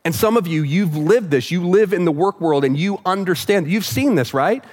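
A man's voice: high-pitched, lively intonation, normal speed, darkish tone. A man preaching a sermon to a church congregation, conversational and joking with the crowd. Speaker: pastor. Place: church auditorium with live audience.

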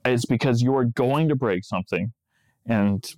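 A man's voice: mid-range voice, moderate pace, a little mellow, no echo. A man co-hosting a podcast in casual chat, wry and joking, laughing often. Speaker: podcast co-host.

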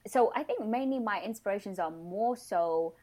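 A woman chatting as a podcast guest, animated and quick to laugh. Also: medium pitch. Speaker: podcast guest, blog founder. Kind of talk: casual podcast chat.

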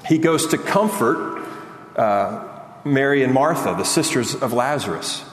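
A man preaching a sermon in an earnest way, rising and quickening with fervor, then dropping low on key lines. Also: expressive. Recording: echoey hall, faint background noise.

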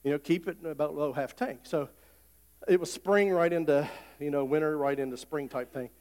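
A middle-aged male pastor, preaching a folksy sermon that swells into loud, repeated declarations. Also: a little high, fairly quick. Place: church sanctuary. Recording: long hall reverb.

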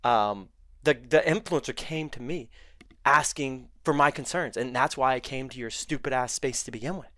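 A man's voice: mid-range voice, moderate pace, a bit bright, no echo, studio quality. A man, a podcast guest, heatedly retelling a story in casual, profane talk.

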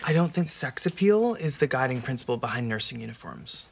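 An actor playing a dry, matter-of-fact man with a deadpan delivery. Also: medium pitch, brisk, creaky, slight background noise.

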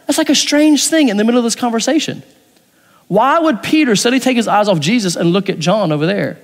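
A man's voice: sits high, expressive, fast, big-room sound. A man preaching a sermon as pastor, reading scripture aloud and acting out the dialogue in changing voices. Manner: acts out dialogue with shifting voices.

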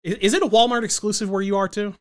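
A man's voice: sits high, steady tone, fast talker, smooth. A man co-hosting a podcast in casual, joking chat, laughing often and restarting his sentences. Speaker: podcast co-host.

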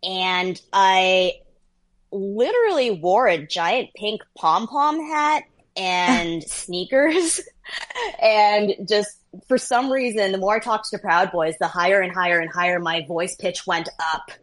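Lively woman journalist telling stories. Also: medium pitch, slow. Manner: lively storyteller, laughs between phrases. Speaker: journalist and author, guest. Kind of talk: casual interview chat.

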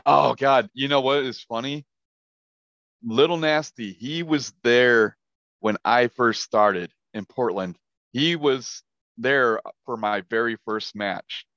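A man's voice: medium pitch, slow, fairly bright tone, no echo. A man chatting casually as a podcast guest, friendly and brief. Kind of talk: casual chat. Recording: dry, dull lo-fi sound.

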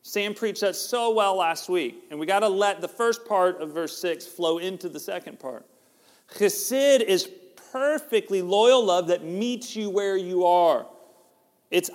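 A man's voice: sits high, animated, unhurried. A middle-aged man, preaching a conversational sermon that jokes with the congregation. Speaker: pastor. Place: church sanctuary. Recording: long hall reverb.

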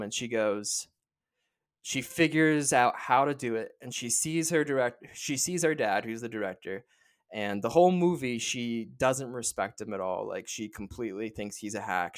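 A man co-hosting a podcast, chatting casually about a movie and retelling scenes with frequent restarts. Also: medium pitch. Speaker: podcast co-host. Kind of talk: casual chat, film discussion.

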